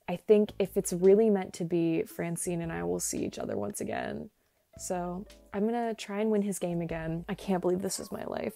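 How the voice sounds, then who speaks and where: Young woman, excitable gameplay commentary, mellow voice, earbud mic, faint game music behind. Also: creaky. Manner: excitable, laughing, big pitch jumps and squeals. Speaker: gaming YouTuber. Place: home, late at night.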